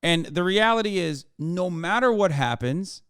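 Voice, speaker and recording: A man's voice: high voice, lively intonation, unhurried, a bit bright, clean tone, no echo, clean studio sound. A male streamer host giving blunt, profane reaction commentary in a casual, riffing way.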